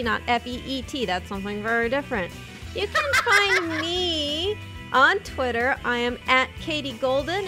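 Chatty high-voiced woman podcast host. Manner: chatty, self-mocking, giggly. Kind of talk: casual podcast outro.

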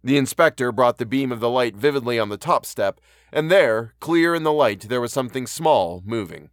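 A man's voice: medium pitch, lively intonation, moderate pace, dry recording, studio quality. Man hosting and narrating a horror tale. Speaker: podcast host and audiobook narrator. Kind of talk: podcast intro and reading of a horror story.

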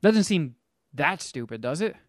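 A man hosting a podcast, telling a story in casual chat, animated and profane. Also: fairly high pitch, unhurried, no echo, clean studio sound. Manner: animated, profane, acts out the people he quotes. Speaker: podcast host.

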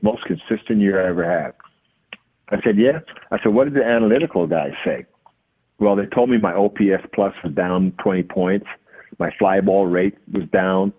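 A man, a hitting coach and podcast guest, telling a lively story and acting out the dialogue. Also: fairly low pitch, slightly rough. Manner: acts out quoted dialogue. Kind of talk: animated storytelling. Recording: tinny phone-like line.

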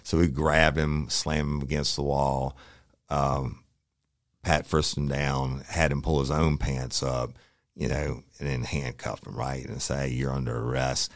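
This middle-aged Louisiana man, a former detective turned podcast host, speaks in a very deep, unhurried voice with little pitch movement. He laughs through a profane story and acts out the quotes, recorded in clean studio sound with no echo.

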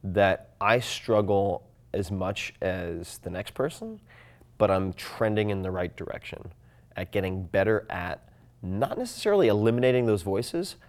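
A man talks in a relaxed podcast chat. His voice sits on the low side, and he thinks out loud as he goes. He gets animated and reflective, often acting out his own inner voices. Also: measured pace. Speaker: podcast guest. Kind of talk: casual conversation.

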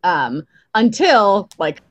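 A young woman telling a long personal story in casual chat, full of fillers and quick laughs. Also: medium pitch, big pitch swings, crowd noise. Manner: chatty, many fillers, laughs easily. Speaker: podcast guest.

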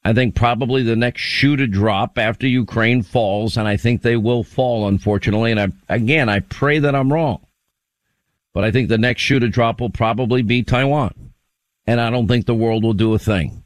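A man's voice: medium pitch, steady tone, moderate pace, no room sound. A man hosting a radio talk show, giving casual commentary and laughing mockingly as he talks.

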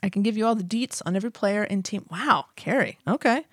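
A woman's voice: medium pitch, fairly quick, fairly bright tone, breathy edge, no room sound, clean studio sound. A woman co-hosting a casual podcast, chatting and reading listener mail with frequent laughter. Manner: giggly, chatty, breaks into laughter often. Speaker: podcast co-host.

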